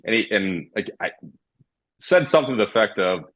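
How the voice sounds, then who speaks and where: A man with a low, husky voice spins casual, profane stories from his days as a hockey referee. The sound is dull and lo-fi, with a muffled top end. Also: quick pace. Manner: profane, animated anecdotes. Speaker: former hockey referee, guest. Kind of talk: casual storytelling.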